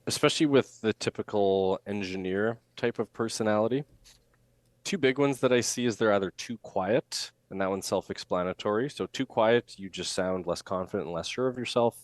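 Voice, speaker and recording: A man talking as a communication coach in a podcast interview, lively and demonstrative, acting out speech examples as he explains. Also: on the low side, normal speed, no echo. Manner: animated, acts out rising intonation examples.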